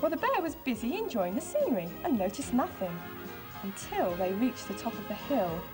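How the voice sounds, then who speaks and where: Over background music, a woman with a slightly high voice speaks at normal speed as a children's TV host. She reads a storybook expressively and then walks viewers through a craft in a friendly way.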